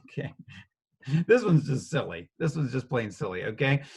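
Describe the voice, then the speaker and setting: A man's voice: medium pitch, very animated, moderate pace, creaky, darkish tone, husky. A man teaching a casual step-by-step drawing lesson, talking playfully as he sketches and chuckling often.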